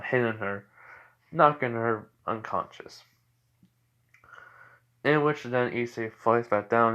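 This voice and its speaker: A man's voice: on the low side, fairly bright tone, lo-fi sound. A man casually narrating a fan story, rambling with many fillers and restarts.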